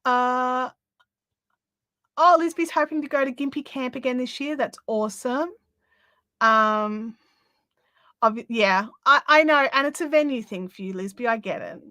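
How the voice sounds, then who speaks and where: Chatty aussie lady on a craft stream, bright voice, bit high, dry close sound. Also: no room sound. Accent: Australian. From Australia. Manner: chatty, lots of fillers, laughs easily. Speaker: craft livestream host. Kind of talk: casual chat, reading viewer comments.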